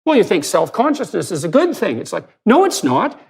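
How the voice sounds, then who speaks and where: A man with a high, gravelly voice, lecturing his guest in a sit-down conversation. He presses his points hard, spiking up in pitch and volume when he gets worked up. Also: wildly swooping pitch, a little fast. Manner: intense and emphatic, sudden rises in pitch and loudness. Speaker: podcast host. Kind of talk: conversational interview, explaining ideas.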